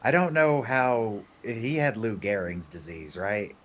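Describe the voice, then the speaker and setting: A man chatting on a reaction stream, telling stories with deadpan jokes. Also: lowish voice, measured pace. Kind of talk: casual banter.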